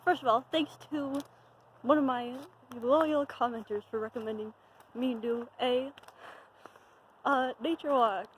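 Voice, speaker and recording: A young woman vlogs into a handheld phone as she walks a wooded trail, a little out of breath. Her voice sits slightly high, and she sounds jumpy and nervous, giggling and trailing off between thoughts. A faint outdoor hush runs underneath. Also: fairly even intonation, a little slow, slight background noise, poor audio. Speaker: vlogger. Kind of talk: casual chat to camera while walking.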